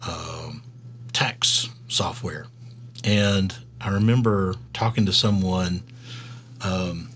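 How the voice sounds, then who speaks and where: A middle-aged man from Georgia speaks with a Southern drawl in a fairly low voice, with a bit of hiss or hum behind him. He's hosting a developer live stream, talking casually and rambling, halting often and filling gaps with lots of fillers.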